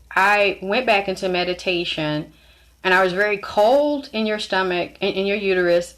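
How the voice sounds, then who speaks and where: A woman's voice: medium pitch, fairly bright tone. A woman giving a blunt, profane personal monologue, emotionally charged as she recounts her life.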